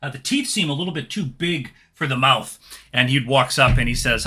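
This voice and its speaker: A man's voice: medium pitch, brisk, pushed and bright. Hesitant man narrating as game master. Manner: descriptive, hesitant with many fillers.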